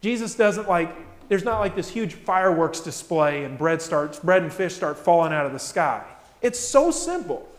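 Male preacher, higher register, animated sermon delivery with rhetorical questions, recorded with heavy church reverb. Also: normal speed. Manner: animated, acts out the voices of people in the stories; asks the congregation many rhetorical questions. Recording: echoey church hall.

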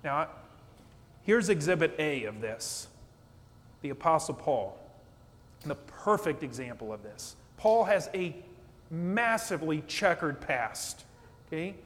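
Guy pastor giving an animated sermon, higher voice, echoey church. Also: takes it slowly, long pauses. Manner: animated preaching, acts out quotes, asks "okay?". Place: church sanctuary. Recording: long church reverb.

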